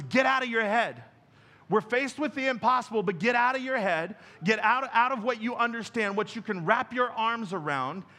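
Speaking straight to his congregation, a pastor gives a conversational sermon in church, his voice high-pitched and sharp.

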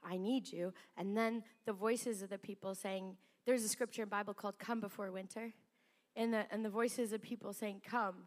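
A middle-aged woman pastor preaching a sermon, chatty and animated, laughing often as she tells stories. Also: mid-range voice, moderate pace, big-room sound. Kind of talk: sermon storytelling. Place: church sanctuary.

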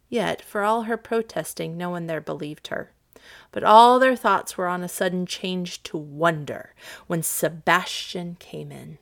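A woman narrating a classic story for listeners, expressive and acting out the characters' lines. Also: on the low side, normal speed, vocal fry.

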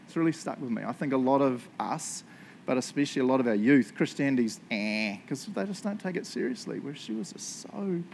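A man's voice: mid-range voice, creaky, slight background noise. A man, a youth church leader giving a casual, chatty teaching talk full of asides and fillers.

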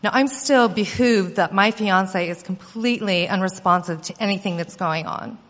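Woman, a mother, earnest animated storyteller, middle pitch, recorded with long reverb. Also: moderate pace. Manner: earnest, animated telling with quoted dialogue. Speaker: mother recounting an experience. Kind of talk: personal storytelling.

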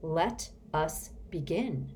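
A woman voicing a calm, insistent mind-reading machine that speaks slowly and flatly. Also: low-pitched, a little hiss or hum. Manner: slow and flat.

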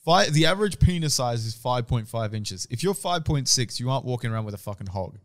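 A man's voice: mid-range voice, fast. A man co-hosting a podcast, telling stories in crude, joking casual banter and mimicking the people in them. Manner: crude, joking, animated storyteller who mimics others. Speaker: podcast co-host.

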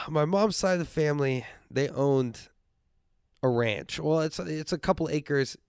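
A man's voice: a little high, unhurried, clean tone, dry recording, clean studio sound. A sick, congested young man hosting his podcast, rambling and joking with plenty of swearing. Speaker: podcast host. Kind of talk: casual comedic monologue.

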